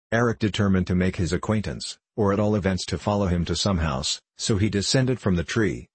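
A man narrating a storybook in a steady, measured reading. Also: deep voice, breathy edge, no room sound.

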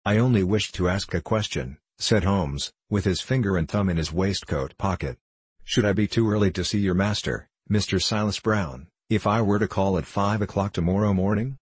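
A man voicing a cool, shrewd male detective in an audiobook reading, speaking in a crisp, assured and measured manner. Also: low voice, dry recording.

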